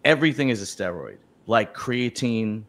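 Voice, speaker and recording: A man's voice: mid-range voice, lively intonation, normal speed, fairly bright tone. A man hosting a casual chat, talking bluntly and profanely, rambling with many restarts. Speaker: host.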